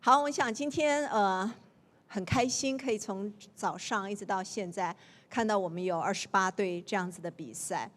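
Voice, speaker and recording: A woman's voice: mid-range voice, normal speed. A woman professor giving spoken feedback to student contestants in a light, joking way. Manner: casual and joking with the audience. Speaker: professor, competition judge.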